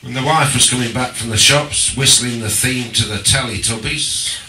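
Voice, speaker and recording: A man doing a stand-up comedy set on a social club stage, deadpan, slow and deliberate with pauses. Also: mid-range voice, a little hiss or hum. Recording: roomy live club recording from a distance.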